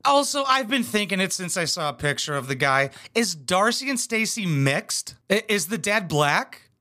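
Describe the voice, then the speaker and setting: A man's voice: sits high, big pitch swings, moderate pace, sharp tone. A young man hosting a reaction commentary, crude, sarcastic and mocking as he talks over clips. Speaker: commentary host.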